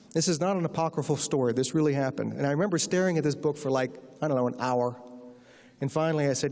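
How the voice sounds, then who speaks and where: A man's voice: mid-range voice, a little mellow. Man telling wry stories in a hall. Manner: wry, anecdotal, acts out quoted voices. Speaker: author giving a lecture. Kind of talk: storytelling lecture with audience Q&A. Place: large lecture hall. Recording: reverberant hall.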